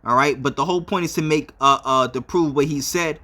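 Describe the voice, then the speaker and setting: A man's voice: a little high, fairly quick, pushed and bright. A man giving religious commentary on a video, filling his talk with "all right" and "uh" between phrases. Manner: repeats "all right" often, with many fillers.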